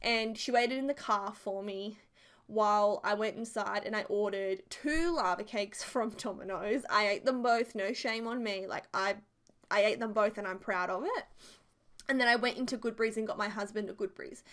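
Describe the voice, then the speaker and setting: A woman's voice: medium pitch, moderate pace, a bit bright. A young Australian woman in her twenties, telling rambling, giggly stories in a casual voiceover chat. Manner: chatty, rambling, giggly storytelling. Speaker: YouTuber.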